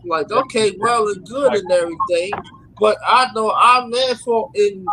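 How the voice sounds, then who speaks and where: A man's voice: high-pitched, measured pace, background noise. A man with a New York accent in casual panel talk. He speaks emphatically and often repeats words as he builds a point. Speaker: panel guest on a talk stream.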